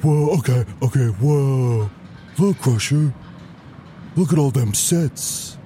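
A man voicing an excitable young tough guy with rough street talk. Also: medium pitch, slow pace, soft background music, pitched below the performer's own voice, lightly acted. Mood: awed.

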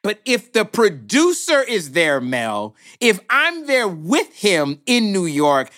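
Man, film producer, animated storyteller, acts out voices, high-ish bright voice, very expressive pitch. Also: slow pace. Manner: acts out voices in anecdotes, swings from hushed to exclaiming.

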